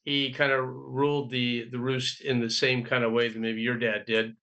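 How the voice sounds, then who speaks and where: A middle-aged man hosting an interview, speaking reflectively and haltingly with restarts. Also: medium pitch, level tone, bright, forceful tone, dull audio. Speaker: podcast host. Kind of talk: conversational interview.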